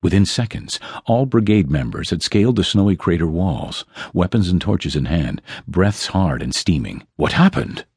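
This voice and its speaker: A man narrating an epic fantasy audiobook in an extremely deep, husky voice that moves widely in pitch as he tells the story. The sound is close and completely dry. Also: lively intonation, normal speed, hardly any pauses, darkish tone, no room sound.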